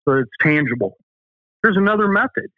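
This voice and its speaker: Brisk and lively, a fairly high-pitched man with a Southern US accent tells folksy, emphatic stories as an interview guest. He owns a safety company, and the tinny phone-like line carries no echo.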